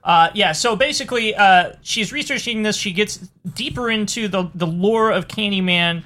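A podcast co-host from the United States talks through a horror film's plot in a loose, rambling way, doubling back on half-finished sentences. The voice sits in a middle register with a bright, sharp edge. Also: mid-range voice, moderate pace. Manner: rambling, with many restarts and fillers. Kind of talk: casual chat about a horror film.

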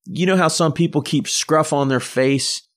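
A man's voice: fairly high pitch, moderate pace. A man hosting a podcast, telling rambling personal anecdotes in a casual solo monologue and often restarting his sentences. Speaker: podcast host.

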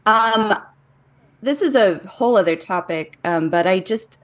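A woman's voice: mid-range voice, lively intonation, measured pace. A woman comedian guest in a casual podcast chat, hesitant and giggling often.

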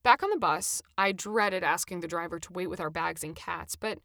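A woman reading a first-person story aloud with an expressive, animated delivery. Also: lowish voice, normal speed, no room sound, studio quality.

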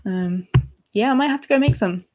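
This podcast co-host is a woman with a higher-pitched, darkish voice at a normal speed. Her manner is relaxed and chatty, with frequent giggles and laughs.

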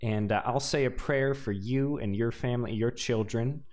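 A man's voice: mid-range voice, moderate pace, a little mellow, close to an everyday voice. A man doing a drawling Texan priest. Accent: put-on Texan. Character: folksy middle-aged male priest.

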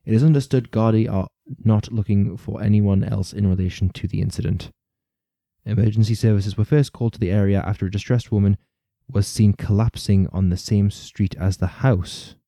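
Low mellow guy rambling thru a true crime podcast, laughs a lot, swears a bit, dry close sound. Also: fairly even intonation, moderate pace, vocal fry, dry recording. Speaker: podcast host.

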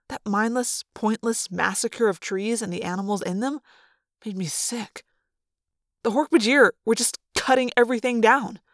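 A woman narrating a story aloud in an expressive, measured way. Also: medium pitch, no room sound, clean studio sound. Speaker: reader.

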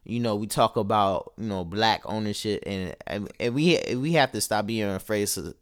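A man's voice: lowish voice, normal speed, clear, resonant tone. A man co-hosting a podcast, talking in a laid-back, reflective way and often trailing off and restarting his thoughts. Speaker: podcast co-host. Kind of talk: casual chat. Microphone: phone-like call audio.

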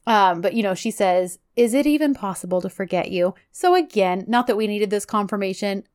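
A woman talking casually on a podcast, walking through scenes of a series with animated energy. Her voice sits at an ordinary pitch for a woman, and she slips into quoted lines as she goes. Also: a little fast, smooth. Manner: chatty, animated retelling, quotes characters. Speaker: podcast co-host recapping a drama series. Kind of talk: casual chat.

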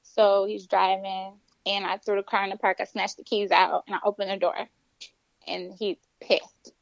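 A woman's voice: mid-range voice, normal speed, creaky, no echo, dull audio. A young woman telling a personal story in casual conversation, acting out the voices of the people in it. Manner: animated, acts out quoted voices. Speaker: guest telling her story.

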